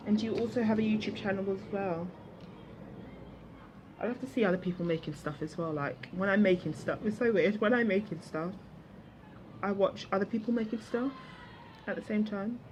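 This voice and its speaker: Background noise accompanies a medium-pitched woman's voice as she crafts at an outdoor table. She's a vlogger chatting casually with viewers and tossing in self-mocking remarks.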